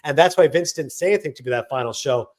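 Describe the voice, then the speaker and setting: A man who works as a sports broadcaster, telling anecdotes as an interview guest in a casual, animated way. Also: fairly high pitch. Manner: rapid, animated anecdotes with acted-out quotes.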